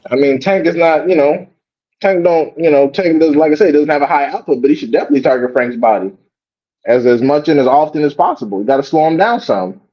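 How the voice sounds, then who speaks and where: A man with a fairly high voice hosts a live reaction stream, ranting in a loose, profane, animated way. The audio is dull and lo-fi, like a home stream mic. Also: fast. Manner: animated, profane, mocks others in quoted voices. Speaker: host.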